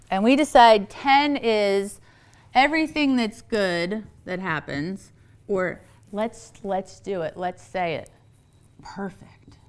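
A woman giving a storytelling talk on parenting to an audience, animated and acting out the voices she quotes. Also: mid-range voice, smooth. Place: event hall.

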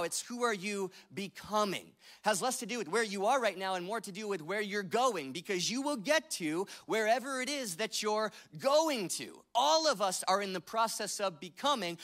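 A pastor in his thirties delivering a sermon, telling stories with self-mocking humor and dropping to a hushed voice when he prays. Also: high-pitched. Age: 30s. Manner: drops to a soft, hushed voice in prayer.

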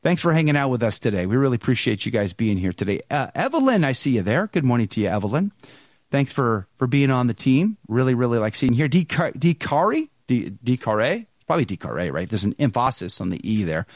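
A man's voice: medium pitch, big pitch swings, fast, no echo, studio quality. A man hosting a live podcast, greeting viewers in the chat one by one by name before he brings in his guest. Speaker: podcast host.

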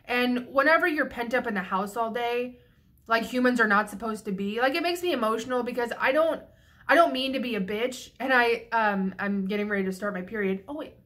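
A young female vlogger speaks directly to camera in a casual, profane venting monologue, rambling and doubling back mid-sentence with frequent restarts. Her slightly high voice is bright and sharp, her pace brisk, and she seems a little tipsy.

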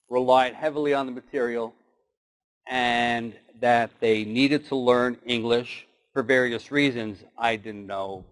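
A man's voice: mid-range voice, poor audio. A man giving a motivational keynote talk, telling stories and doing short animal voices. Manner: storytelling with acted animal voices. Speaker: keynote speaker.

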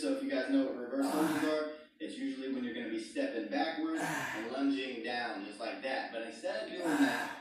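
A man teaching leg exercises, coaching upbeat through each move as he demonstrates it. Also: mid-range voice. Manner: upbeat coaching, demonstrating moves while talking. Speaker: fitness instructor. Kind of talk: workout demonstration. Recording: far from mic, very echoey room, clear noise.

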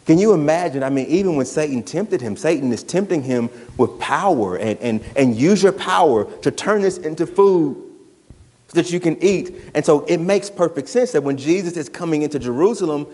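A man's voice: fairly high pitch, animated, moderate pace, darkish tone, in a large hall. A man, a pastor preaching a sermon in a conversational, emphatic way that drives points home through repetition. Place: church sanctuary.

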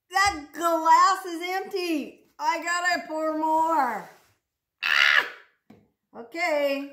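A woman's voice: sits high, fairly bright tone, a little hiss or hum. A woman speech therapist leading a practice lesson for children at home, playful and exaggerated in a sing-song teacher voice. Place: home room. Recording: echoey room.

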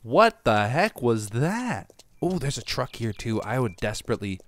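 A man's voice: mid-range voice, very animated, normal speed. A man hosting a gaming channel, giving casual, playful commentary to his viewers as he plays. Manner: playful and joking, talks to viewers.

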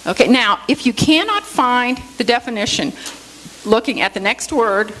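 A woman leads a church Bible study in a plain, explanatory teaching voice. She walks through each point step by step and keeps tagging her sentences with a questioning "okay?" to check her listeners are following. Now and then she pokes gentle fun at herself. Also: a little high, animated, normal speed, slight background noise, rough recording. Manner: self-deprecating, light humor.

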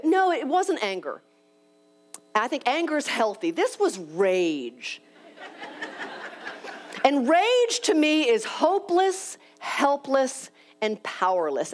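A woman with a fairly high voice giving a motivational talk to young professionals. She tells a personal story frankly and with humor at her own expense. She often acts out what she said and thought at the time. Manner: frank and self-deprecating. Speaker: speaker at a leadership conference.

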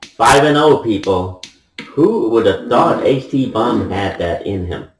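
A man's voice: fairly low pitch, expressive, slow pace, darkish tone, echoey room, recorded from a distance, low-quality recording. A man recapping his own video game match in a mock sideline reporter style, emotional and laughing. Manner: emotional, laughing, half-joking reporter act.

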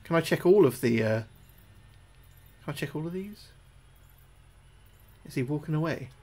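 A British man streaming a game live, talking through each move, often repeating himself, thanking his viewers and getting jumpy and loud when spooked. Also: a little high, lively intonation, normal speed. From United Kingdom. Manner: chatty, repeats his own phrases, thanks viewers between moves. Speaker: gaming livestreamer. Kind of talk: live gameplay commentary.

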